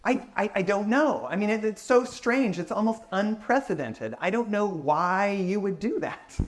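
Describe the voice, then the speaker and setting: A man's voice: high-pitched, animated, moderate pace. A man giving a public science talk, answering audience questions in an enthusiastic, explanatory way.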